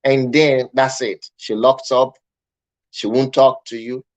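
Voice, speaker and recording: A man's voice: medium pitch, little pitch movement, slow pace, rough recording. A man vlogging marriage advice in casual personal storytelling, earnest and reflective, talking straight to the viewer.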